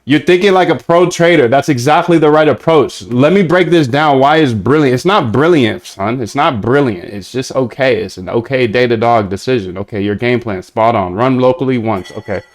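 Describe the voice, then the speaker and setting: A young man live-streaming while coding a trading bot, chatting casually with viewers in slangy banter, sometimes flat and monotone, sometimes lively. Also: medium pitch, moderate pace, few pauses. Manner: laid-back slangy banter with chat, shifts between flat monotone and lively bursts.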